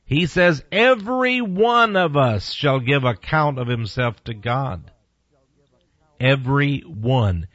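A man's voice: expressive, no room sound. Emphatic male preacher on a dull lo-fi recording. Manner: emphatic preaching with big swings in pitch and loudness; reads scripture slowly and deliberately. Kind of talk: sermon.

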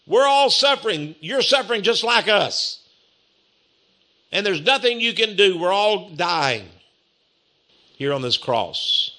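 A man's voice: medium pitch, lively intonation, unhurried, few pauses, pushed and bright, voice pushed down. A man preacher voicing a dying thief who taunts and accuses in a scornful way. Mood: taunting.

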